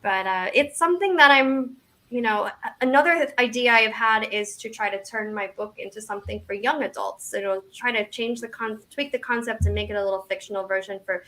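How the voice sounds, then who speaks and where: Woman around forty, halting and self-deprecating. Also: on the high side, sharp tone. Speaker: interview guest, memoir author. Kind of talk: casual interview chat.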